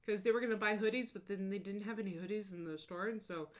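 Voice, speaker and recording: A young woman streamer with a medium-pitched voice talks fast while casually chatting over her travel photos. She's bubbly and gushing, breaking into excited squeals.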